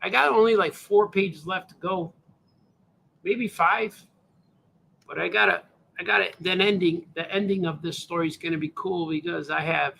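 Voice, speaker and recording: A male cartoonist with a high, gravelly voice that sounds pushed and bright casually rambles on a livestream while presenting his comic pages. He's laid-back and says "hey, man" again and again.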